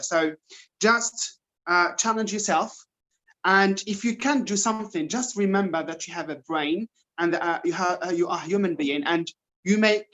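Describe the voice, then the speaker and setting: A man's voice: sits high, fairly bright tone, poor audio. A man from Algeria, an English teacher, giving earnest, encouraging advice on a panel with hesitant uhs.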